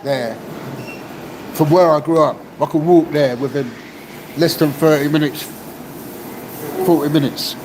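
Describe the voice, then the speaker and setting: A man's voice: on the high side, unhurried, long pauses. A man in his fifties from East Central London with a Cockney accent, ranting in a casual podcast monologue and often asking "yeah?" at the end of a point. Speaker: podcast host. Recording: noisy, with vehicle sounds behind.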